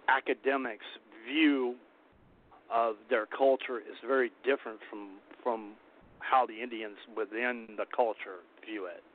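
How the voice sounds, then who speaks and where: A man's voice: on the low side, slight background noise. Man talking over a tinny line. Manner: earnest, rambling with restarts. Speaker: interview host. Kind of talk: casual interview chat.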